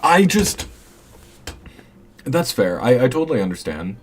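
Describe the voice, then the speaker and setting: A man's voice: medium pitch, big pitch swings, unhurried, a little hiss or hum. A young man chatting casually and candidly with his stream chat late at night, rambling a little and laughing often.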